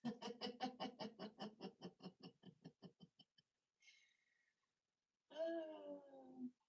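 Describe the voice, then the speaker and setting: A woman runs a relaxed craft livestream, making jewelry, chatting along, laughing often and teasing herself. She speaks very slowly in a high, creaky voice with a darkish tone, and the recording is rough.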